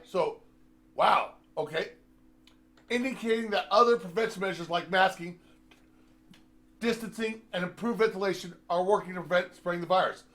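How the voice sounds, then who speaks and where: A man with a rather high-pitched voice rants angrily, swearing often and mocking what he reads aloud. He trails off into filler sounds between outbursts, and the result is a rambling, sarcastic monologue. He speaks from indoors at a computer. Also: a bit bright. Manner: profane, heated, sarcastic, rambling with many fillers. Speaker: host. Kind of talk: angry political rant.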